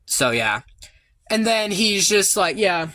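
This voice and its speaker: A man rambling excitedly about his own story ideas, swearing often and getting loud when worked up. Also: high voice, slow pace, dry recording. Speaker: creator rambling about his original characters. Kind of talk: excited casual monologue.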